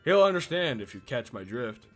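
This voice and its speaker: Male narrator doing a deep-set gruff game warlord; terse, deadpan delivery. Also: normal speed, soft background music, lightly acted. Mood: curt. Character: gruff rebel leader, grown man.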